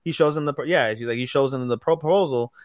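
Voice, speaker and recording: A man co-hosting an anime podcast, casually recapping episodes in a profane, animated way and acting out the characters' lines. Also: mid-range voice, quick pace, no room sound, clean studio sound. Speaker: podcast co-host.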